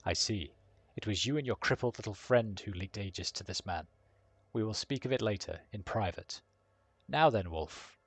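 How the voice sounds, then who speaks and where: A man's voice: fairly low pitch, normal speed, slightly rough, dry recording. A man voicing a cold, wealthy older father who speaks in a formal, commanding way.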